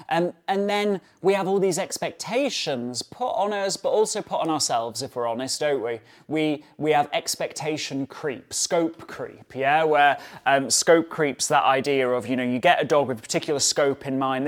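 A man hosts his own dog-training podcast alone, speaking in a slightly higher register than most men. He talks casually and chattily, tossing in fillers and tag questions like "right?" to keep listeners with him. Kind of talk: casual solo podcast talk.

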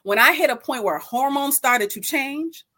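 A middle-aged woman speaking about faith in a casual conversation, animated and preachy, acting out her own thoughts and calling listeners girl and sis. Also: sits high, moderate pace. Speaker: guest speaker.

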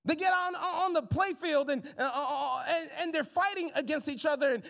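Pastor, man in his thirties, very high voice, chatty sermon delivery full of asides. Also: moderate pace, creaky, hardly any pauses, long reverb tail. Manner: lively, conversational preaching with jokes and asides to the congregation.

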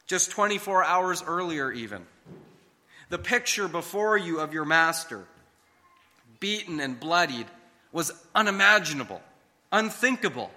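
A man telling a devotional story in the second person, with a slow, emphatic, dramatic delivery. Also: a little high, lively intonation, sharp tone. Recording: long hall reverb.

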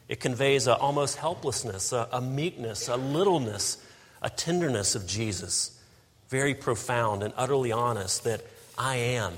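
A man preaching a sermon, building to emphatic bursts and dropping into slow, weighty pauses. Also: medium pitch, a bit bright. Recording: long hall reverb.

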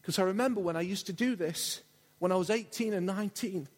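This is a high-voiced English preacher, talking a little fast as he gives a fervent, repetitive sermon. The setting is a large church hall, and the sound trails off in its long reverb.

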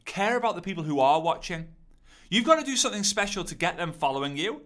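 A man coaching on content creation in an energetic, repetitive, rallying teaching monologue. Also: sits high, quick pace.

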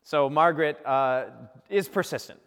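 A saint's life becomes a jokey, theatrical homily in this man's telling, as he plays each character in turn. His clean, slightly bright voice is fairly high, paced moderately, with long reverb behind it.

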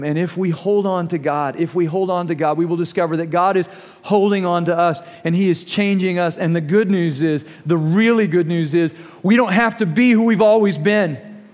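A man's voice: on the high side, darkish tone. Man preaching in a reverberant hall. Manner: storytelling with acted quotes, slows for emphasis. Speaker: pastor. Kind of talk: sermon.

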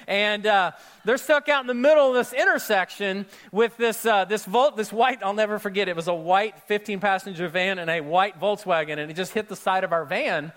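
A man preaching a sermon, opening with a lively personal story and speaking straight to his congregation. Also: high voice, brisk, few pauses. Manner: storytelling, animated, addresses crowd directly. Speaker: pastor.

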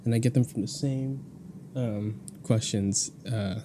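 A man hosting a podcast interview, relaxed and quick to laugh. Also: medium pitch, background noise. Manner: laid-back, laughs often. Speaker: podcast host. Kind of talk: casual interview.

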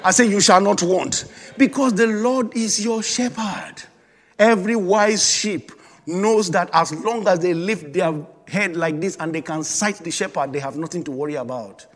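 A man's voice: high voice, normal speed, big-room sound. A man preaching a sermon with emphatic repetition, calling on the congregation to respond. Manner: emphatic preaching with repeated calls and congregation prompts. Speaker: pastor.

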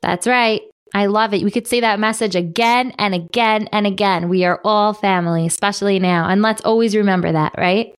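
A woman's voice: mid-range voice, fairly even intonation, fairly quick, clear, resonant tone. A young adult woman hosting a panel interview with children, enthusiastic and encouraging, often dropping Yiddish and Hebrew words.

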